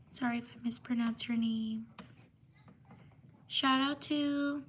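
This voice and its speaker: A woman hosting a casual livestream, giving slow, unhurried shout-outs and apologizing for mispronouncing names. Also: high voice. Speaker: livestream host.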